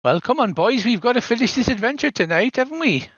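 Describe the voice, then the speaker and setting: A man's voice: very high voice, lively intonation, fast talker, fairly bright tone, husky, no echo. An older man running a tabletop game as game master, narrating the scenes at length and now and then adding "so there is". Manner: descriptive, tosses in "so there is". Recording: dull lo-fi dry sound.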